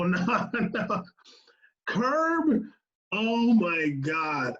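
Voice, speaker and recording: A man co-hosting a music podcast in casual chat, laughing often and running down lists quickly. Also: sits high, fairly bright tone, highs cut off. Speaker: podcast co-host.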